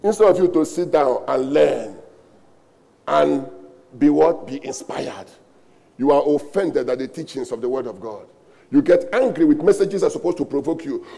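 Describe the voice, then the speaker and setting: Pastor, Nigerian-accented man, high voice with a gravelly edge; emphatic sermon delivery, lots of repetition. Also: animated, moderate pace, mellow. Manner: emphatic preaching with rhetorical questions and repetition.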